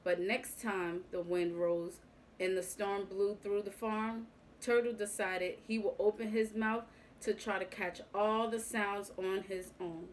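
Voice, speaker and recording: A young woman reading a picture book aloud to young children, clear and expressive with the animal sounds. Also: medium pitch, a little slow, a little hiss or hum, rough recording. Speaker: youth club reader.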